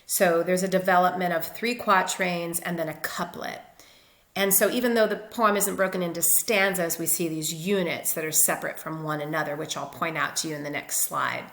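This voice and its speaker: Low, gravelly woman teaching literature. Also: fairly even intonation, normal speed, fairly bright tone, echoey room. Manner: methodical, explanatory. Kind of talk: recorded lecture with slides.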